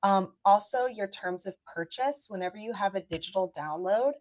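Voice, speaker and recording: A woman attorney, a podcast guest, giving legal advice in a steady run of points. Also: medium pitch, moderate pace, dry recording. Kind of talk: podcast interview.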